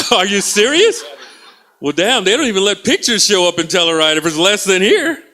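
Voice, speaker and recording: A man's voice: sits high, animated, quick pace, sharp tone. A male stand-up comedian teasing and riffing with the audience from a small theatre stage. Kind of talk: stand-up crowd work.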